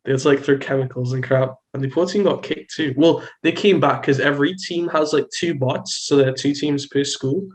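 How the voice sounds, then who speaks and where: Young man, Trinidadian accent, casual podcast chat, animated storytelling, medium pitch. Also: brisk, hardly any pauses. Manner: animated storytelling, lots of filler "like". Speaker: podcast host.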